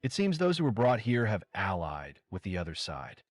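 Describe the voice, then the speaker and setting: A scheming priest, voiced by a man narrator, speaks in calm, coaxing tones. His voice sits low with a lively lilt. This is storybook recap narration. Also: normal speed, no room sound. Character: smooth, scheming male priest.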